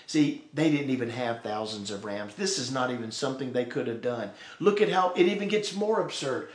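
A man's voice: a little high, big pitch swings, normal speed. Preaching man in a roomy echo. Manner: preaching, voices God and the sarcastic people in quoted asides. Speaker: pastor. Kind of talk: sermon.

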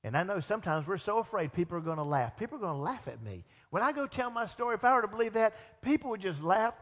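A middle-aged male pastor delivers a lively sermon, slipping into the voices of the people he quotes. His voice sits high for a man. The sound carries a long reverb, as in a large church sanctuary. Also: fast, hardly any pauses. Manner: animated, acts out quoted voices.

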